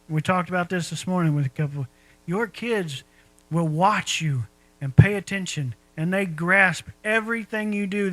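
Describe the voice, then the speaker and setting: A man's voice: high-pitched, sharp tone, dry recording, poor audio. A man preaching a sermon in a folksy, conversational way, asking his listeners rhetorical questions. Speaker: pastor.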